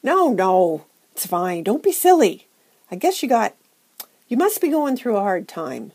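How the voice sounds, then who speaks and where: A woman's voice: medium pitch, very animated, unhurried, darkish tone, breathy edge, voice pushed up. A woman voicing a brusque, proud elderly woman author who uses a walker, speaking with impatient emphasis.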